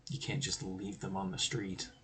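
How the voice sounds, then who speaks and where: A man's voice: deep voice, monotone, moderate pace, a bit bright, a little hiss or hum. A man hosting a stream, explaining tabletop game design in a rambling, conversational way with joking asides. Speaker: stream host.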